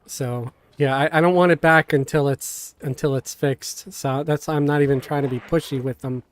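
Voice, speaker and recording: A man chatting casually on a game live stream, halting and full of restarts, coughing now and then. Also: fairly high pitch, no room sound. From Queens, New York. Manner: halting, many fillers and restarts, animated. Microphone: desk mic, sometimes knocked.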